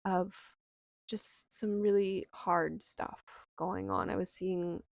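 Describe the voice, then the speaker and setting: A young woman slowly and softly telling a personal memoir, reflective and unhurried, with lingering pauses. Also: mid-range voice, fairly even intonation, gravelly, no room sound, clean studio sound. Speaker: storyteller.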